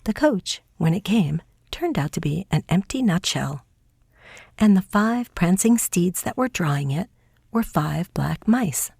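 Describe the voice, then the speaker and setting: A woman narrating a folk tale audiobook in a soft, hushed, scripted reading. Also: fairly low pitch, lively intonation, measured pace, vocal fry, slightly rough, no room sound, clean studio sound.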